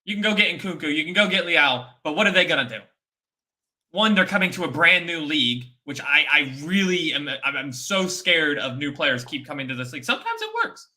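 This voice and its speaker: A man's voice: a little high, big pitch swings, brisk, sharp tone. A man giving emphatic, opinionated football takes in a casual chat, repeating his points. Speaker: football fan pundit. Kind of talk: casual post-match chat.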